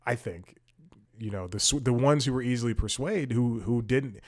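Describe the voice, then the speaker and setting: A man's voice: medium pitch, moderate pace. A man hosting a casual commentary podcast, rambling with many restarts and fillers while he scrolls and multitasks. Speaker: podcast host.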